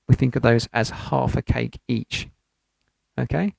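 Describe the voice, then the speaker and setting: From his home studio, a British man teaches an online piano lesson, explaining patiently step by step and chanting rhythm syllables as piano plays in the background. His mid-range voice is unhurried, creaky and darkish, with no echo.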